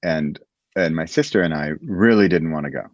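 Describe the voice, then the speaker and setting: A man's voice: very deep voice, moderate pace, no echo. An American man telling his own story as a podcast guest, reflective and rambling, with many restarts. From United States. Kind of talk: casual interview storytelling. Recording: dull lo-fi dry sound.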